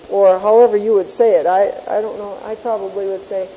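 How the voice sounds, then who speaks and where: Dark-voiced woman teaching a Bible class. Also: medium pitch, steady tone, fairly quick, few pauses, big-room sound. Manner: homely storytelling with self-mocking chuckles; quizzes the class on the points. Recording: dull lo-fi tape with faint hiss.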